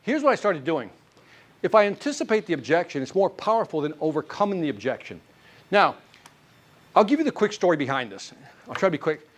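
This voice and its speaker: Guy running a sales seminar, pitch jumps all over, keeps tossing questions at the room. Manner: animated, quizzes the audience with quick questions. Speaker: sales trainer. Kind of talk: live sales seminar talk. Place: training classroom with a live audience.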